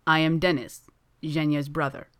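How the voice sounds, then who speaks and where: A woman's voice: low voice, little pitch movement, normal speed, clear, resonant tone, dry recording, natural voice. A woman reading aloud and voicing a teasing Russian older brother who speaks blunt broken English.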